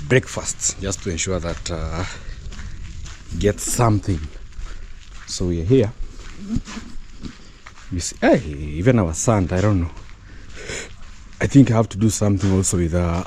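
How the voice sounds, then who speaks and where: A man's voice: deep voice, dark tone, a little hiss or hum. A man vlogging casually on his farm, chatty and loose with fillers and restarts, out of breath from walking uphill. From East Africa. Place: outdoors on a rural farm.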